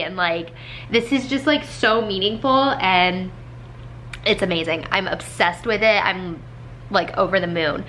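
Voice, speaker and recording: A woman's voice: medium pitch, a little slow, a bit bright, slight background noise. A young woman vlogging casually at home, chatty and gushing, with plenty of filler "like"s. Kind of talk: casual vlog talk to camera.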